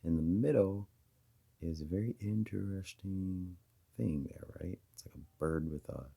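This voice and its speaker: A man's voice: deep voice, a little slow, gravelly, warm tone, slightly rough. A man talking casually to his viewers, rambling through ideas with many fillers and restarts. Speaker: video host. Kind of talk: casual monologue to camera.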